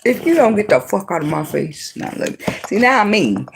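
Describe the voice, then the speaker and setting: A woman doing an unscripted tarot reading, blunt and heavy with profanity. She rants with big swings of energy and laughs often as she goes. Her voice sits at a middling pitch for a woman. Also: very animated, normal speed, vocal fry, a little hiss or hum. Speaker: tarot reader.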